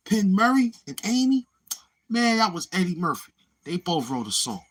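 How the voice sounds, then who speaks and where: Rambling husky man hosting a livestream. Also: high-pitched, sing-song, normal speed, fairly bright tone. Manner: rambling, with many murmured mm-hmms. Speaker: livestream host. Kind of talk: casual livestream monologue.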